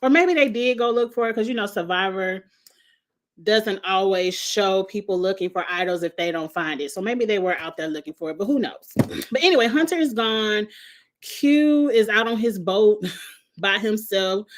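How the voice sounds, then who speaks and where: A woman's voice: medium pitch, normal speed. Sassy blunt woman recapping a show. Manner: sassy, blunt, laughs at own jokes. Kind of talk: casual chat.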